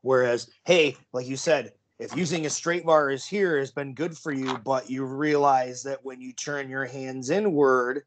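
A man's voice: mid-range voice, fairly even intonation, a little slow, hardly any pauses, slight background noise. A man hosting a podcast who chats casually, agreeing and adding short points. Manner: agreeing, adds brief points. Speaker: podcast host. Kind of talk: casual chat.

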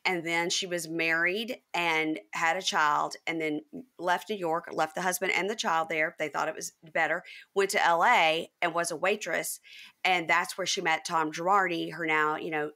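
A woman host with a Mississippi Southern accent chats casually, spinning stories full of quick asides. Her voice is fairly low for a woman, yet bright and forward. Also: steady tone. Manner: chatty storyteller, quick asides. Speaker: podcast host. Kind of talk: casual chat.

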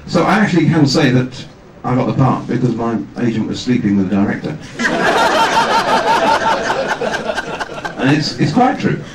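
A man, a guest actor at a fan convention, telling self-deprecating anecdotes on stage with halting restarts. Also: mid-range voice, huge pitch swings. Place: large hall with audience. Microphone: far camera, amateur video. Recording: echoey hall from far off, noisy amateur video.

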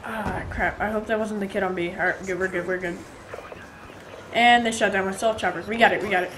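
A woman giving live gameplay commentary, excitable and swearing often, with sudden yelps when in danger. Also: mid-range voice, brisk, background noise. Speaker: gaming channel host. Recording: loud game gunfire over voice. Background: game gunfire and explosions.

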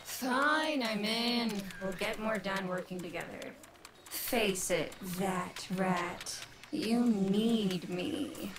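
A woman's voice: medium pitch, very slow, a crowd in the background. An actress voicing a sardonic, tough young woman ally in a video game.

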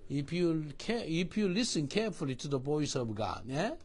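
Husky man preaching with animated lilt. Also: on the high side, normal speed. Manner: animated, call-and-response preaching in non-native English. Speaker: pastor. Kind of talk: sermon.

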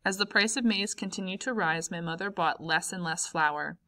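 A woman narrating a memoir audiobook in a calm, measured way. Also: on the low side. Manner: calm, measured, first-person memoir reading. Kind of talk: audiobook reading.

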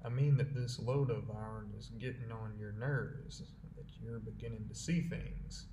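A man doing Henry, a blunt, steady trail man. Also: fairly low pitch, moderate pace, vocal fry, noisy background. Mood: dry. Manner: laconic, dry, blunt frontier dialect. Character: steady practical frontiersman Henry. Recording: roomy echo.

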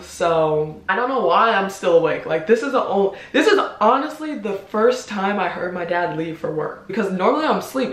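A young woman speaks in a confiding vlog, and her voice carries a noticeable room echo. She is heartfelt and hesitant, with frequent pauses and ums. She sounds close to tears while she keeps her composure. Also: lowish voice. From United States. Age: 20s. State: holding back tears. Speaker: vlogger. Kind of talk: personal confessional vlog. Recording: roomy echo.

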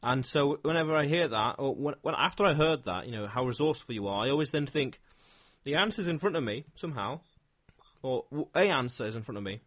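A man's voice: medium pitch, expressive, fast, a bit bright. A man, hosting a podcast interview and explaining his ideas step by step in a reflective way. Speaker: podcast host. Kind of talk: conversational interview.

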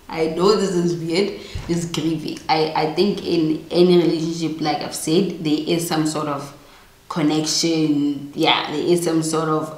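A woman's voice: sits low, roomy sound, poor audio. A young woman giving blunt, emphatic relationship advice straight to the viewer in a chatty vlog. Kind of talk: casual advice monologue to camera.

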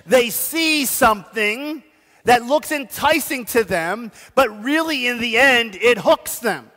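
A man's voice: very high voice, lively intonation, takes it slowly, pushed and bright. A man preaching a sermon as pastor, telling stories with self-deprecating asides and urging the congregation. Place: church sanctuary. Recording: long church hall reverb.

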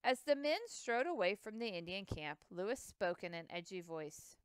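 A woman reading a children's chapter book aloud, expressive, with occasional slips and restarts. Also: mid-range voice, normal speed, smooth, no echo. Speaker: reader. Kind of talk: storybook read-aloud.

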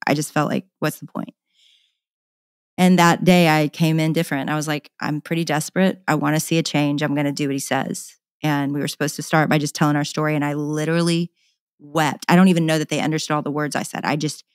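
Woman, low voice, dry close mic, earnest passionate podcast guest story. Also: no room sound. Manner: earnest, passionate, repeats words when emotional. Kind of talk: candid personal storytelling.

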